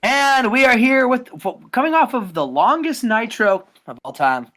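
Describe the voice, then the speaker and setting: A man co-hosting a casual wrestling game podcast, telling the story with excited, hyping energy. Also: very high-pitched, moderate pace. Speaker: podcast co-host. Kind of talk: casual chat.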